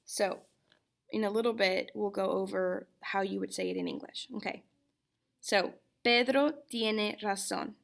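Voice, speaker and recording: Patient female teacher, unhurried lecture delivery, a bit of fry in the voice. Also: mid-range voice, fairly even intonation. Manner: slow and patient, checks in with "okay?". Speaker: Spanish teacher. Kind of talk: recorded classroom lecture.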